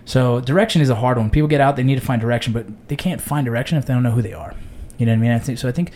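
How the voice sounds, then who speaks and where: Talking very fast in a mid-range voice, a man in his thirties who served in the army hosts a laid-back chat. He tells animated stories, bluntly and with frequent swearing.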